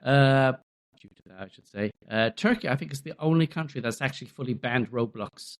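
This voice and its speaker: A man in his thirties talks casually as a podcast co-host, pausing often on fillers as he gathers his words. His voice sits at a mid pitch. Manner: hesitant, full of "uh" fillers. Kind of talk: casual chat.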